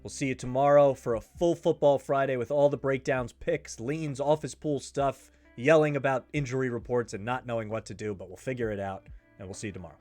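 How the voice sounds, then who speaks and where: A man's voice: medium pitch, steady tone, brisk, a little mellow, dry recording, soft background music. A man hosting his own sports betting show, talking casually and hammering his points home by repeating them. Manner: emphatic, repeats himself for stress. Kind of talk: casual betting picks talk.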